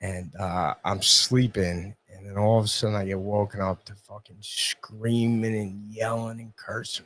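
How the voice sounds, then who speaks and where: A man's voice: lowish voice, level tone, measured pace, hardly any pauses. A man, a guest in a casual chat, telling crude stories with plenty of swearing. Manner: profane, laughing storyteller acting out yelling.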